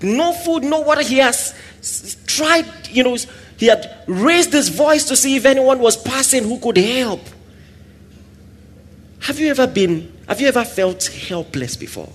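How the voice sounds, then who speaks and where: A man preaching a sermon, swinging between loud exclamations and soft asides and acting out little scenes. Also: very high voice, lively intonation, unhurried. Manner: acts out little scenes with quoted voices and laughter.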